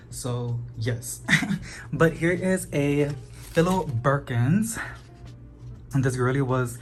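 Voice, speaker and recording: A man walks through an apartment packed with houseplants, talking fast and chatty. He recorded it on the camera's own mic as he moves. Soft music plays quietly underneath. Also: medium pitch. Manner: chatty, talks fast, calls plants "girly". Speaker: plant channel host. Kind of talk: casual home tour vlog.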